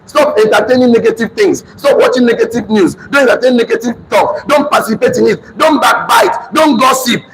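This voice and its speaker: A high-voiced Nigerian man in his thirties drives a motivational talk at a rapid clip, shouting his points and repeating them. The recording carries a lot of background noise. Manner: emphatic, often shouting, repeats lines for the audience. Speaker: motivational speaker. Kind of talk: loud motivational seminar talk. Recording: noisy room recording.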